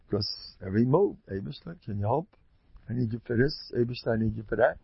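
A man's voice: medium pitch, expressive, fairly quick, vocal fry, husky, dry recording, dull audio. A man with a Yeshivish, Yiddish-peppered accent giving an informal religious talk, joking and acting out little dialogues. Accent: Yeshivish English, Yiddish-peppered. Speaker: speaker giving a Torah talk.

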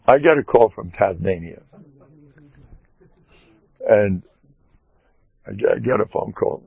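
A man, a rabbi, telling a story in an animated way and mixing in Hebrew and Yiddish terms. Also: on the low side, slow, vocal fry, long pauses, slightly rough, no room sound, muffled recording. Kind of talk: storytelling talk.

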